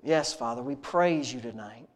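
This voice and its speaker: An earnest man with a mid-range voice leads a heartfelt spoken prayer at a moderate pace. His delivery feels intimate and conversational, built on repeated phrases of praise.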